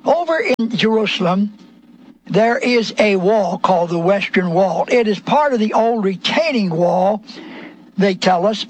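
A man preaching a sermon, quoting scripture slowly and emphatically. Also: high voice, rough recording. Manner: slow, emphatic preaching with drawn-out scripture quotes.

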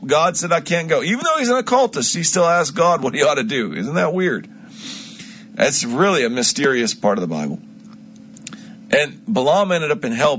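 A man teaches the Bible informally on his personal stream, recounting the story in an animated, emphatic style full of restarts and asides. His pitch is medium, and there is a little hiss or hum.

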